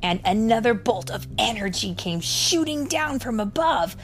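A woman reading a storybook aloud to a child, gently explaining words and story as she goes. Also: fairly high pitch, lively intonation, moderate pace.

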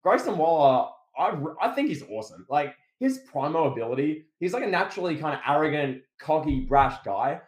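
Upbeat Australian male co-host, chatty and animated, slightly higher register, echoey room sound. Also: brisk, few pauses. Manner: animated, acts out quoted promos. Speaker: podcast co-host. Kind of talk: casual wrestling recap chat.

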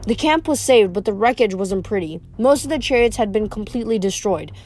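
A woman's voice: medium pitch, animated, a little fast, darkish tone, faint music behind. A woman reading a novel aloud in a plain, unpolished way, with small slips and restarts. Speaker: reader.

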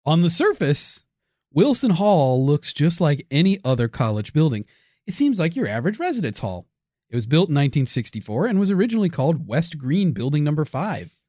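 Male co-host, wry deadpan asides, animated pitch, dry recording. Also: fairly quick, no room sound. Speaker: podcast co-host. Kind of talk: comedic paranormal podcast chat.

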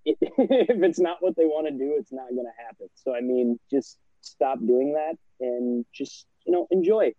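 A man's voice: on the high side, animated, moderate pace, few pauses, dry recording, phone-quality sound. A man co-hosting a podcast, ranting bluntly and with plenty of swearing. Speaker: podcast co-host. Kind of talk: casual podcast banter.

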